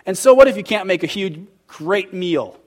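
Teaching a church group through a casual, interactive sermon, a man quizzes his listeners and grows emphatic, heated and emotional. His voice sits high and is expressive, at a moderate pace.

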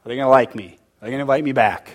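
A man leading a church group in a conversational sermon, tossing questions out to the room and pressing his points with rising emphasis. His pitch sits in an ordinary middle range, and he turns heated at times. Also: racing. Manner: conversational and emphatic, quizzing the audience; gets heated and emotional. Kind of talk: interactive sermon.

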